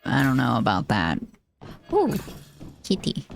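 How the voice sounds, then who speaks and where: A woman streamer chatting casually while she plays a game, reacting out loud and swearing when startled. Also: low voice, takes it slowly, faint music behind. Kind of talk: casual gaming commentary.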